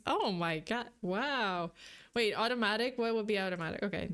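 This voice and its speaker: A young woman streaming a reaction video, reading and thinking aloud in a giggly, excitable way. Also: a little high, normal speed. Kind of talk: casual reaction commentary.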